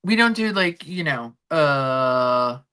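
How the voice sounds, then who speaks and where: A woman's voice: deep voice, lively intonation, slow pace, a bit bright, smooth. A woman hosting a casual chat livestream, rambling and swearing freely as she talks to her viewers. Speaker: livestream host.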